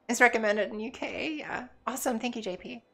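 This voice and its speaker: A woman's voice: on the high side, normal speed, creaky, fairly bright tone. A woman chatting casually while she streams a game, rambling and joking as she plays. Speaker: let's play streamer. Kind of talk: casual chat while gaming.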